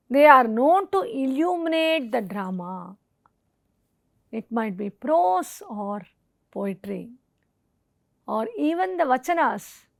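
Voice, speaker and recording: A woman lecturer giving an educational talk, reciting Sanskrit verses and technical terms in a slow, deliberate way. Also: sits high, fairly bright tone, dry recording, studio quality. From India.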